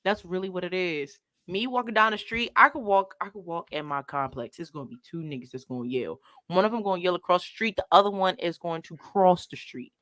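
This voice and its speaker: Woman on a podcast telling stories, does little voices for everyone, bright clear tone, dry close sound. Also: lowish voice, fairly quick, few pauses, no room sound. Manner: animated, acts out street scenes in voices. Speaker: podcast guest. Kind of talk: casual storytelling chat. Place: from the D.C. area.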